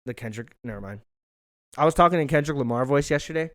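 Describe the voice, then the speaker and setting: A man's voice: medium pitch, fast talker. Loose, profane young man rambling. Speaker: podcast host. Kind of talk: casual solo vlog chat. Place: hot living room at home.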